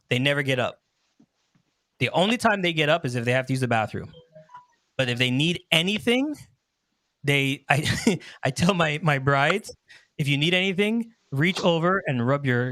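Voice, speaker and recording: A man guest who works as a wedding MC and DJ, chatting animatedly in an interview, a bit hoarse from earlier yelling, acting out his own stories and laughing often. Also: on the high side, lively intonation, moderate pace, dry recording. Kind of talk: enthusiastic interview chat.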